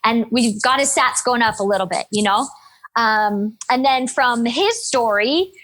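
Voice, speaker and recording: A woman in her thirties, a nurse and podcast guest, telling a story in an energetic, upbeat, animated way. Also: a little high, measured pace. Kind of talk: casual storytelling interview.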